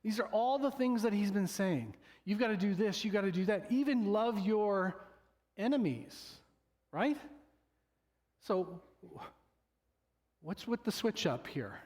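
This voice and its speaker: A man's voice: high voice, expressive, a little slow, pauses often, a little mellow. A male pastor preaching a sermon in a loose, conversational way, joking with the congregation and acting out quoted voices. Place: church sanctuary.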